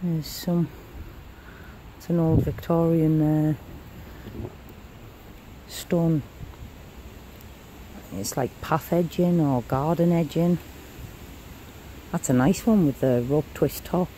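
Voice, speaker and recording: A man's voice: a little high, fairly even intonation, slow, long pauses, warm tone, low-quality recording. A man mudlarking on a river bank, muttering casual commentary to himself as he searches. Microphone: handheld camera mic. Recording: outdoor noise on camera mic.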